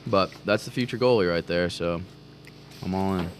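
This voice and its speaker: A man's voice: low voice, moderate pace, a little hiss or hum. A man co-hosting a casual podcast, blunt and joking, swearing freely. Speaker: podcast co-host. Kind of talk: casual chat.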